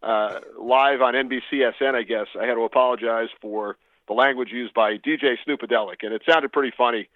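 A man's voice: mid-range voice, fairly even intonation, no echo. Male sportscaster on a tinny phone line. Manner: measured storytelling with frequent "uh" pauses. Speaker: sports broadcaster guest. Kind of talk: casual interview answers.

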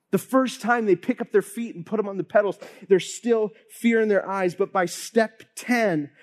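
A man's voice: high-pitched, a little mellow. A man in his thirties preaching a sermon to his congregation, telling stories with animation and acting out the voices of the people he quotes. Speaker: pastor.

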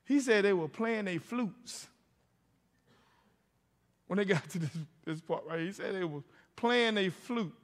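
A middle-aged man preaches a sermon as a pastor, his voice sitting high and unhurried, with frequent pauses. Storytelling and calls out to the congregation fill the church sanctuary, recorded with long hall reverb.

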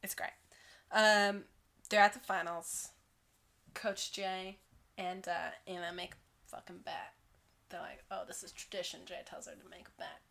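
A woman's voice: fairly low pitch, steady tone, unhurried, vocal fry, long pauses, fairly bright tone. A young woman co-hosting a podcast, casually recapping a film and swearing freely. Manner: laid-back retelling, swears freely. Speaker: podcast co-host.

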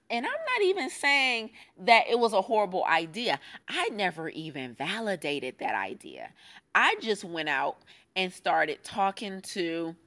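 A woman with a low, full voice talks through her own business lessons in a casual, emphatic way. She leans hard on key phrases and laughs easily as she goes. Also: a bit bright. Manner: emphatic, conversational, laughs often. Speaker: podcast host and fitness business founder. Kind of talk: casual solo podcast talk.

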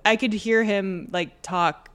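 A woman co-hosting a podcast in casual chat, talking in animated quick bursts with laughing asides. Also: medium pitch, clear, resonant tone. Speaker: podcast co-host.

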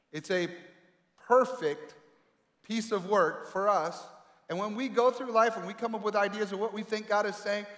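A man preaching a sermon with emphatic delivery and dramatic pauses, swinging between loud calls and quiet asides. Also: sits high. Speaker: pastor. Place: large echoey hall. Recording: echoey hall with long reverb.

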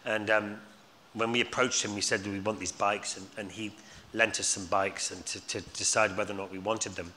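A man with a lowish voice and a sharp, level tone talks fairly quickly, spinning rambling stories full of restarts and repeated words as a live Q&A guest. The setting is a hall stage with an audience watching. There's a little hiss or hum, plus live hall reverb and faint ambience.

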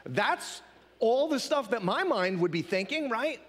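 A man's voice: extremely high pitch, big pitch swings, measured pace, fairly bright tone, in a large hall. A male pastor preaching a sermon in a conversational style, often asking the congregation questions.

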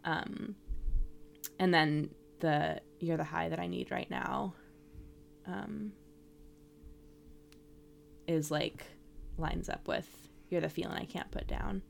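A woman co-hosting a podcast, talking casually and a little haltingly about song lyrics. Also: fairly low pitch, steady tone, gravelly, slight background noise. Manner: hesitant, many "um" fillers. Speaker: podcast co-host.

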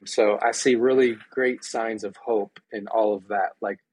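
A man's voice: fairly low pitch, fairly even intonation, measured pace, darkish tone, slightly rough, dry recording. A man being interviewed as a guest on a podcast, speaking with enthusiasm and often acting out the voices of people he quotes. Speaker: podcast guest, church ministry director. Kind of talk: conversational interview.

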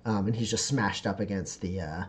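A man narrating as game master in a tabletop game, talking in a halting way with lots of "like" and "uh". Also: fairly low pitch, slight background noise. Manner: halting, full of fillers like "like" and "uh".

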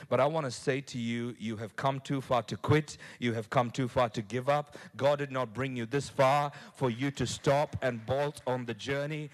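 A man preaching a sermon to his congregation, lively, repeating words and building to loud climaxes. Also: medium pitch, moderate pace, hardly any pauses. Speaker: pastor.

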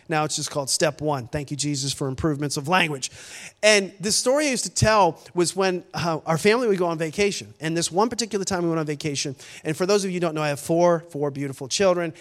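Animated high-voiced male preacher. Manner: animated storytelling, acts out his own panicked calls. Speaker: pastor. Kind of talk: sermon.

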